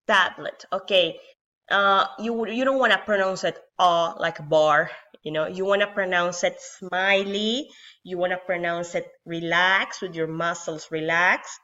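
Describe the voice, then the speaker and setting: Slow, bright-voiced woman teaching Arabic. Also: fairly low pitch. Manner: patient, explains slowly with many checks like okay and yeah. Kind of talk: beginner language lesson. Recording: dull lo-fi sound.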